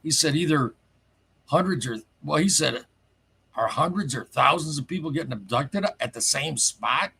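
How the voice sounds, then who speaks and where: A man calling in to a show, telling a strange story in a rambling, excitable way and swearing casually. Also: on the high side, moderate pace, gravelly, slightly rough. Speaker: caller sharing a paranormal story.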